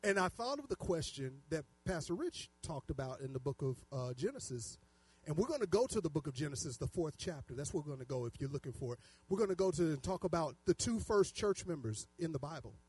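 A man preaching a sermon, telling stories animatedly and swinging from loud outbursts to hushed asides. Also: fairly high pitch, very animated, brisk, slightly rough, dry recording. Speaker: pastor. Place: church.

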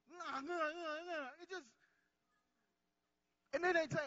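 A man preaching a sermon who calls on his congregation to answer back, drawing out key words and swinging between quiet asides and loud lines. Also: very high-pitched, steady tone, moderate pace, long pauses, dry recording, lo-fi sound. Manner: call-and-response with the congregation.

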